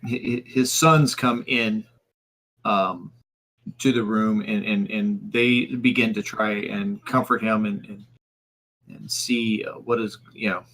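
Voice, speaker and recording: Game master, male, bright voice, stop-start delivery. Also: fairly low pitch, steady tone. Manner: halting, many fillers and restarts. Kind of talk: narrating a tabletop game.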